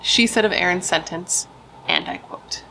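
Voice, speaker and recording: On a low-quality recording with slight hiss or hum, a young woman with a lower, pushed and bright voice tells a true crime story at a moderate pace. Her delivery is chatty and emphatic, full of swearing and casual "dude" and "like."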